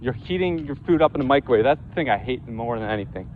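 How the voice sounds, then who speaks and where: Male vlogger, heated profane rant, stumbling restarts, mid pitch, muffled recording. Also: animated, fast, a little hiss or hum. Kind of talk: angry monologue to camera.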